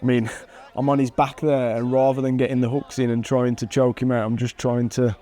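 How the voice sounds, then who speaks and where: A man in his thirties, an MMA fighter, casually commentating on his own old fight footage with animated excitement and frequent chuckles. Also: medium pitch, fairly quick. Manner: animated, chuckles at himself, bursts of excitement at big moments. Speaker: MMA fighter and channel host.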